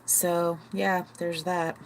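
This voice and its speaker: A woman's voice: on the low side, background noise. A woman hosting a livestream, venting bluntly and with profanity to her viewers, with sighs and short laughs. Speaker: livestream host.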